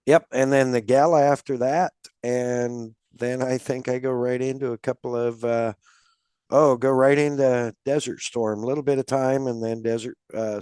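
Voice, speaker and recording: A man's voice: medium pitch, darkish tone, clean tone, no room sound, clean studio sound. A man hosting a casual podcast, rambling along with many fillers as he runs through plans and thanks sponsors. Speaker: podcast host.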